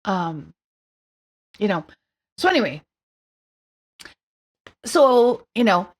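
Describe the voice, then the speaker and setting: A middle-aged woman, a podcast guest, telling her story in casual chat with animated asides and quick mimicked voices. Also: medium pitch.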